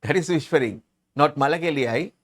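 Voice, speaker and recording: A man's voice: on the high side, brisk. A man teaching English, reading a story aloud and patiently explaining words, often repeating and restarting.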